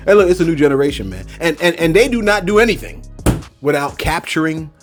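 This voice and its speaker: A man's voice: on the high side, lively intonation, a little fast, over music. A man hosting a casual commentary channel, talking in a loose, slangy, joking way.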